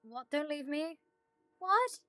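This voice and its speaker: A woman's voice: high voice, sing-song, slow pace, over music. A woman role-playing a police officer, chatting in character with frequent swearing and stammered restarts. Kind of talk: in-character role-play chat.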